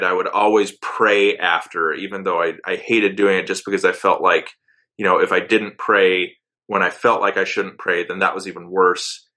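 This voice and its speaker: A young man tells his own story of faith in an earnest, halting way, often restarting his sentences. His voice sits a little low and sounds bright and forceful, and he takes his time. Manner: earnest, halting with restarts, rising intensity when angry. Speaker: storyteller sharing a personal religious experience. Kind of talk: personal testimony.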